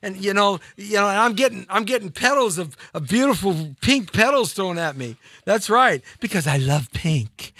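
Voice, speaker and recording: A man's voice: sits high, lively intonation, normal speed, hardly any pauses, pushed and bright, dry recording, studio quality. A middle-aged male host rambling and joking on a live show, laughing at his own gags.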